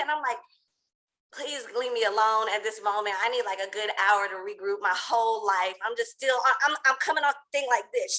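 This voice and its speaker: A woman's voice: on the high side, pushed and bright. A woman real estate coach telling a story casually to her team, laughing often and acting out other people's lines.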